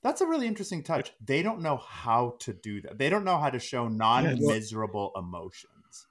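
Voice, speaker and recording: A man's voice: mid-range voice, normal speed. A man on a podcast chatting casually about a film, thinking aloud with lots of "like"s. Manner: animated, thinks aloud with many "like"s. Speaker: podcast co-host. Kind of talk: casual movie-recap chat.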